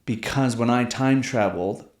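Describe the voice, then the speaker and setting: A man's voice: medium pitch, moderate pace. Podcast dude rambling a story, lots of "dude" and "man", kinda roomy sound. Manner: animated, slangy, swears, says "dude" and "man" often. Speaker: podcast host. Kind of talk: casual storytelling chat. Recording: roomy echo.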